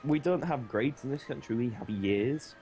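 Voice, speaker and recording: A man chatting casually on a game stream, laid-back and quick to laugh. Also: medium pitch, warm tone, soft background music.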